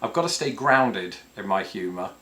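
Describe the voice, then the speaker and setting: A man's voice: lowish voice, expressive, normal speed, bright, forceful tone. A man in his thirties with a British accent, hosting a casual question-and-answer video and answering viewers with dry, self-mocking humour and puns. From England. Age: 30s. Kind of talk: casual chat to camera.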